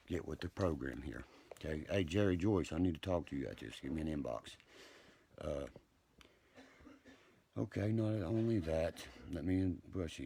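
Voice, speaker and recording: A man with a very deep, gravelly and husky voice, ranting on a livestream. He swears freely, picks fights with his viewers and rambles from one point to the next. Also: warm tone. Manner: profane, combative, rambling.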